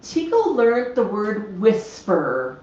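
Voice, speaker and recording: Chatting on a relaxed livestream, a woman talks to her pet parrots and describes how they behave, all from a room at home. Her medium-pitched, darkish voice moves slowly with huge pitch swings, and the sound is echoey, lo-fi, and a bit dull.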